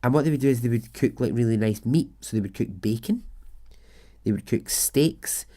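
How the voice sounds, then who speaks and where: Telling a true story on his podcast, this man keeps it chatty and casual, drops the odd swear word, and laughs at absurd details. He speaks at a moderate pace with a medium pitch and a dark tone.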